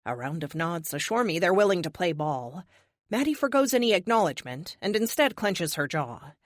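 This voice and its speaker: Lively woman reading an audiobook. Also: on the low side, moderate pace, no echo, studio quality. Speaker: audiobook narrator. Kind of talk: first-person audiobook narration.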